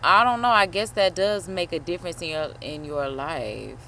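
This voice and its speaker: A woman host chatting casually while reacting to a video, animated and slangy, swearing and calling listeners honey. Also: lowish voice, moderate pace, slight background noise. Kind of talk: casual chat.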